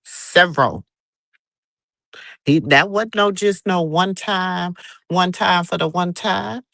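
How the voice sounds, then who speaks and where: A woman's voice: lowish voice, takes it slowly, creaky, no echo. A middle-aged woman co-hosting a casual late-night chat, telling stories and acting out what people said. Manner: animated storyteller, acts out quotes.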